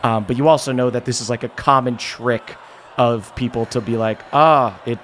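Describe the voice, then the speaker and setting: A man narrating a tabletop game as game master, casual and energetic, with many fillers. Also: medium pitch, a little fast, slight background noise.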